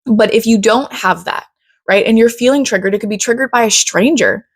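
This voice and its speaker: A woman's voice: on the high side, a little fast, breathy edge, no room sound, studio quality. A woman coach teaching a casual lesson, chatty and blunt, often checking in with her listeners. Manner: chatty, often says "right?" and "you guys". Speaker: self-development coach.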